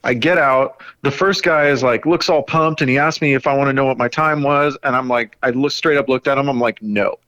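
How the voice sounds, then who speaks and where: Laughing, animated male race driver. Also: mid-range voice, clean tone, dry recording, lo-fi sound. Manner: animated storyteller, quick laughs. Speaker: racing driver guest. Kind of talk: casual podcast interview.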